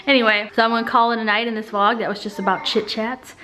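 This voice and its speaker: A woman's voice: on the high side, little pitch movement, quick pace, pushed and bright, a little hiss or hum. A woman from Texas vlogging at home, chatting casually with lots of laughter as she tells stories. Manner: chatty, laughing often, storytelling. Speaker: vlogger, mother. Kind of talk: casual chat. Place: family home, indoors.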